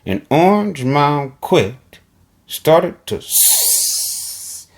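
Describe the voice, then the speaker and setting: A man narrating commentary in a playful, jokey way. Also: medium pitch. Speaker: commentary channel host.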